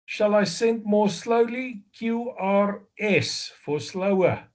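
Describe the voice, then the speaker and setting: A man with a South African accent giving a slow, deliberate exam review lecture, explaining step by step with fillers and self-corrections. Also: sits high. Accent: South African English. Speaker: amateur radio exam instructor.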